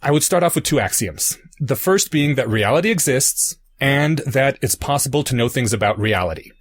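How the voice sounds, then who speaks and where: A man's voice: mid-range voice, lively intonation, moderate pace. A young adult man co-hosting a podcast, patiently explaining ideas through analogies in casual chat. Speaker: podcast co-host.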